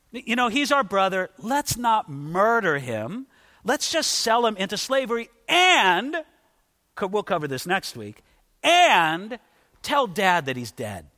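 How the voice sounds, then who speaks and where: A man preaches a sermon, acting out the people of a Bible story with dramatic voices. His voice is high and bright, and it rings out with a long reverb as if filling a large hall. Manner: dramatic, acts out Bible figures in quotes. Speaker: pastor.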